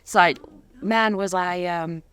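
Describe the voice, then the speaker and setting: A woman from Zimbabwe with a mixed Southern African and British accent, chatting as an interview guest, laughing often and pausing with ums. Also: on the low side, steady tone, fairly bright tone, clear, resonant tone, dry recording. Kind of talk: casual interview chat.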